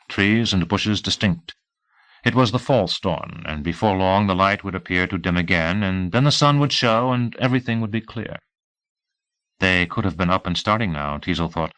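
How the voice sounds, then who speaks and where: A man reading a novel aloud in a steady, measured way; his voice is lowish but bright, and the recording is dry and close. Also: dry recording. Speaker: audiobook narrator. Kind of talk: scripted narration.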